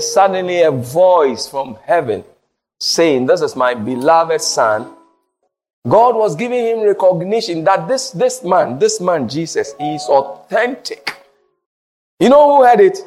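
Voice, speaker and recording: A man preaching a sermon, mixing Twi and English, swinging from shouted peaks to low, quiet lines. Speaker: pastor.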